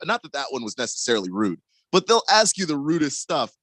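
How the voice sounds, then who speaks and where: A man's voice: medium pitch, very animated, fast talker, a bit bright, no echo. A man co-hosting sports talk radio, talking casually with frequent restarts and chuckles. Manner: stammering restarts, laughs while talking.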